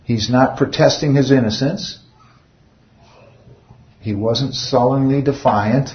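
A man's voice: mid-range voice, slow pace, lo-fi sound, slight background noise. Man teaching an informal Bible study. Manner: conversational, poses rhetorical questions.

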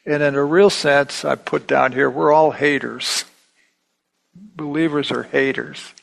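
A man's voice: a little high, fairly even intonation, unhurried, vocal fry, low-quality recording. A middle-aged man teaching a Bible class in a conversational way, repeating himself and acting out the quotes he reads. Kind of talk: sermon.

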